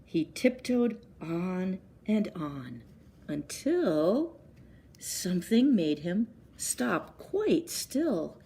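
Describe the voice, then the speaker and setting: A woman librarian reading picture books aloud at story time, gently pausing to ask children questions. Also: fairly low pitch, very animated.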